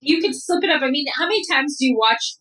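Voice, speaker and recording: A woman as a podcast guest in casual chat, joking and animated as she tells stories. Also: high voice, fast talker, far from the mic, poor audio.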